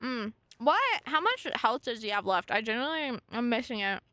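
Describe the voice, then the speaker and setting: Streaming a video game live, a woman offers casual, excitable commentary, swearing often and bursting into frustrated outbursts. Her pitch is fairly high, her pace moderate, and the recording dry.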